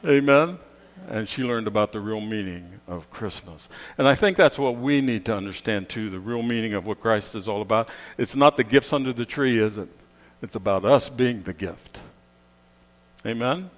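A man's voice: fairly low pitch, normal speed. A male pastor preaching a Christmas-season sermon in a conversational way, often asking the congregation to agree, then leading a prayer. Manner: conversational, keeps asking the room "Amen?".

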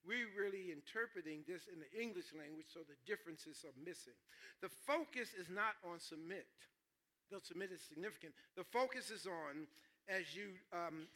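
A man preaches in church, his tone high and bright. He is animated and joking, and he keeps checking in with the congregation as he teaches from the scripture. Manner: animated, jokes with the congregation, calls out "stay with me". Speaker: pastor. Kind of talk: sermon.

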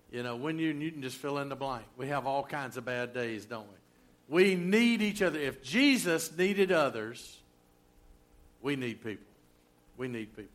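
A man's voice: fairly high pitch, a bit bright. A middle-aged man preaching a sermon in a folksy, conversational way, full of rhetorical questions. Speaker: pastor.

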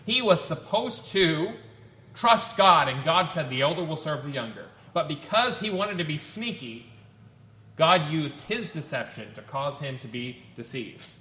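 A man with a fairly high voice and lively intonation preaches an expository sermon, speaking a little slowly in a pushed, bright tone. He reads scripture aloud and explains it in plain everyday language. The recording comes from an echoey room with faint ambient noise.

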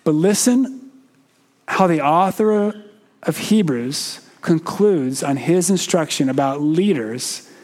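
A man preaching a sermon in a slow, measured way with frequent pauses, sometimes putting questions to the congregation. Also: fairly high pitch, darkish tone.

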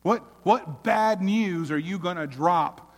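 A man delivers an earnest sermon from the pulpit, his fairly high voice rising to full force and then sinking to a near hush. A long reverb trails each line through the church hall. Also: takes it slowly. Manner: earnest preaching, swelling loud then dropping to near hush. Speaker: pastor.

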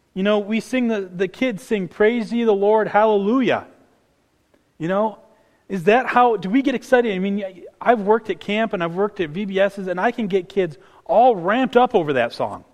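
A young man preaching a casual, earnest sermon, often restarting his sentences and building up excitement. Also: a little high, long reverb tail.

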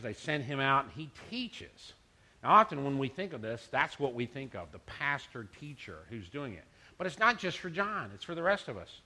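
A man's voice: medium pitch, pushed and bright. A middle-aged man, a pastor, preaching a conversational sermon and mixing scripture with personal stories.

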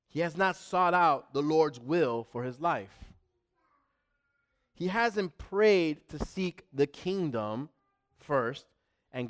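A middle-aged man preaching a sermon with a smooth, clear, slightly high voice. He presses his points with repetition, rising loud and then dropping to a hush. The delivery is emphatic and direct. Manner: emphatic, repeats words, swings from loud to hushed. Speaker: pastor.

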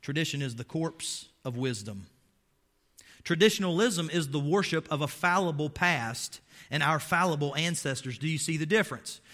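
A man's voice: on the high side, lively intonation, moderate pace, a bit bright. A man preaching a sermon as pastor, emphatic and quizzing his listeners with rhetorical questions, with folksy, wry asides.

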